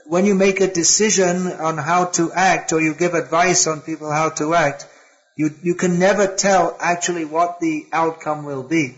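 A man lectures on spiritual life with a slightly high voice. He halts often, starting phrases over before finishing them. The recording sounds dull and lo-fi. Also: steady tone, normal speed. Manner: hesitant, with many restarts and fillers. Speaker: spiritual teacher.

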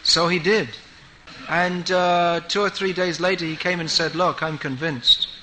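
A man giving a sermon, telling stories with humor and lively exhortation to an audience. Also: high-pitched, a little slow, a little hiss or hum. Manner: storytelling, animated and humorous. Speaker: preacher.

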